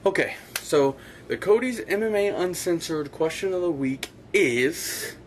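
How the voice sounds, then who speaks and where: A man's voice: medium pitch, a little hiss or hum. A man hosting his own casual opinion vlog, rambling and blunt, with frequent filler phrases. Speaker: online show host.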